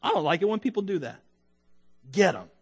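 A man preaching a sermon, conversational and lively, acting out the voices of the people in his text and joking with his listeners. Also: sits high, rapid-fire, breathy edge. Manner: animated, acts out biblical voices. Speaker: pastor.

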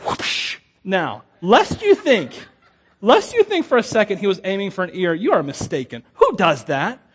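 A man preaching a sermon as a pastor, telling the story with lively humor and frequent stammering restarts. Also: high voice, moderate pace, breathy edge. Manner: animated, acts out quotes with humor, stammering restarts.

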